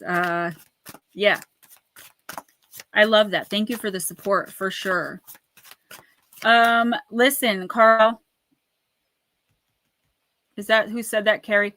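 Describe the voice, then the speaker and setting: A woman's voice: medium pitch, sharp tone, slight background noise. A woman chatting casually on a livestream, talking straight to her viewers and laughing often while she reads oracle cards aloud. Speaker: livestream oracle card reader and author. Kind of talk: casual livestream chat and card reading.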